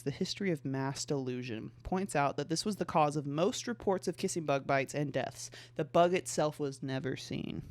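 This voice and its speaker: In a dry recording, a mid-range voice belongs to a young adult podcast host reading passages aloud during casual chat. The reading frequently stumbles and restarts, peppered with "like."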